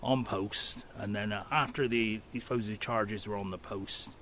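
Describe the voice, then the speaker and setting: A man's voice: on the low side, fairly even intonation, a little slow, a bit bright, slight background noise. A man doing an old rustic countryman. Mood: matter-of-fact. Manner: rustic dialect grammar, matter-of-fact. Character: plain-spoken old countryman, male, friendly.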